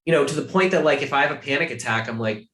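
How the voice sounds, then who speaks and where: A man's voice: mid-range voice, racing, reverberant, a crowd in the background. A man from Ohio, a podcast guest chatting casually, rambling with many fillers and restarts. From Ohio, USA.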